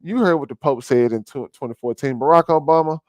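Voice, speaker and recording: In a low-quality recording with no room sound, a vlog host with a slightly high, darkish voice talks a little fast. He rants and preaches over a played clip, calling his audience family.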